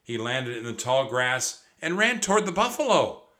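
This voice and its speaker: A man's voice: mid-range voice, sing-song, normal speed, sharp tone. A man reading a children's storybook aloud expressively, with occasional stumbles over words. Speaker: narrator.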